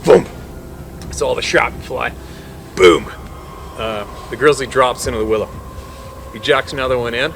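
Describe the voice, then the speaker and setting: Animated man telling a hunting story. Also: mid-range voice, moderate pace, vocal fry, long pauses, a little hiss or hum. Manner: vivid storyteller, laughs often, mimics shots and whispers. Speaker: hunting guide.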